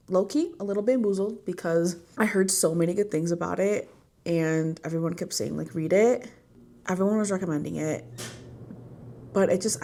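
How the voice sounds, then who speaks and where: A young woman chats about her reading in a relaxed, playful way, her voice at a middle pitch. She breaks into lively, excited bursts. A faint hiss sits under the recording. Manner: chatty, playful, animated bursts of enthusiasm. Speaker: book vlogger. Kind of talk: casual chat.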